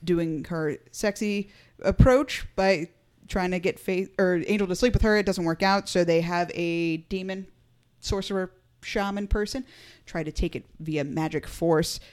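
A woman's voice: fairly low pitch, measured pace, darkish tone. A woman hosting a casual podcast, recapping an episode with playful asides. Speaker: podcast host.

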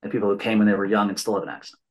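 A man's voice: fairly low pitch, steady tone, racing, darkish tone, poor audio. An American man hosting a podcast, chatting casually and telling rambling stories, often checking in with "right?". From United States. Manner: rambling storyteller, tags points with "right?". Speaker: podcast host. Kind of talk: casual conversation.

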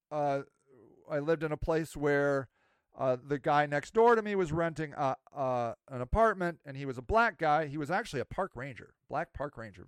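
Podcast host, man, high smooth voice, dry close sound, rambling and animated. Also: dry recording. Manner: rambling, self-mocking, animated. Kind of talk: casual monologue.

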